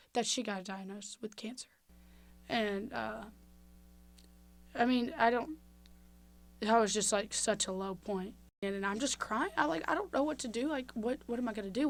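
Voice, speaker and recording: Young woman telling a candid story. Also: mid-range voice. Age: young adult. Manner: candid storytelling, many fillers. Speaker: guest. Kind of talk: casual interview.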